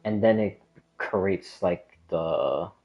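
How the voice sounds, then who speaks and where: A man with a very low voice works through his ideas slowly, stopping and restarting as he goes. He talks in a loose, casual way with plenty of "like" and "um", and soft game music plays underneath. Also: dull audio. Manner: rambling, hesitant, many fillers and restarts. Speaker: gaming lore commentator. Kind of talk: casual explanatory monologue.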